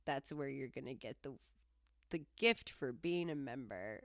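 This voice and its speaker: A woman's voice: sits low, unhurried, dry recording, clean studio sound. A woman hosting a podcast, telling a story in a casual monologue, laughing and acting out the people she quotes. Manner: animated, laughing, quoting herself and others. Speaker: podcast host.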